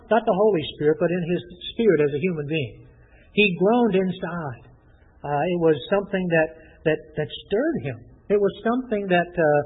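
High-voiced preacher in an echoey hall. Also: male voice, husky. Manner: halting, repeats words, many fillers. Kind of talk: expository sermon. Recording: echoey hall, tinny phone-like sound.

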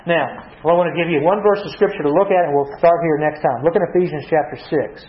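A man's voice: a little high, fast talker. A man preaching a Bible-teaching sermon, reading verses aloud and asking rhetorical questions. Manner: asks rhetorical questions, reads scripture aloud. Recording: echoey, dull lo-fi.

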